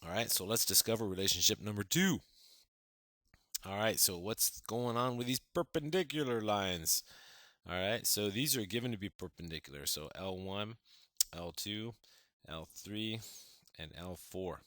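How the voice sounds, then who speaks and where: A man's voice: on the low side, moderate pace, sharp tone, no echo. A man teaching a math lesson, counting through steps with playful, enthusiastic exclamations.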